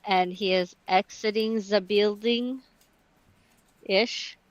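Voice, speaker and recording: A woman's voice: medium pitch, fairly even intonation, takes it slowly, highs cut off. A woman co-hosting a casual livestream, chatty and wry.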